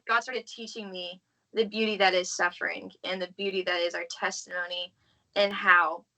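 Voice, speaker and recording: A woman's voice: medium pitch, sharp tone, rough recording. A young woman from the southern United States, a podcast guest giving an earnest, heartfelt personal faith testimony in casual talk full of "like.". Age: young adult. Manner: earnest, heartfelt, frequent "like" fillers.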